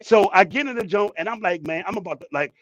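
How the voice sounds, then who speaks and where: A man co-hosting a talk show, telling a story with excitement and repeating his words. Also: sits high, quick pace, dry recording, lo-fi sound. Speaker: co-host. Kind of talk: casual talk show chat. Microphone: headphones, studio mic.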